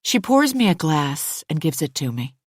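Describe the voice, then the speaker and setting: A woman narrating a first-person thriller audiobook in a measured, controlled way. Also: low-pitched, big pitch swings, husky, dry recording, studio quality.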